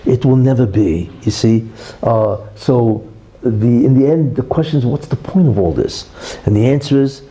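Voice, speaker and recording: A man's voice: medium pitch, normal speed, mellow, low-quality recording. A man giving a religious lecture as a rabbi, emphatic and full of tag questions like "right?" and "you see". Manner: teaches through a parable, acting out the quarrel in raised voices.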